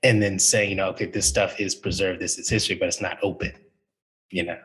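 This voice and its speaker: Bright, husky-voiced male archivist. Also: low-pitched, steady tone, fairly quick, poor audio. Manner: thoughtful, conversational, with frequent fillers. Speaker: university archivist. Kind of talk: panel discussion.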